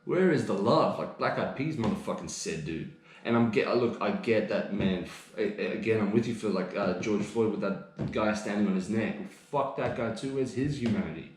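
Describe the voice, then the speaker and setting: A man's voice: lowish voice, moderate pace. Australian man, podcast co-host, heated profane rant, very echoey room. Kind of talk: casual podcast chat.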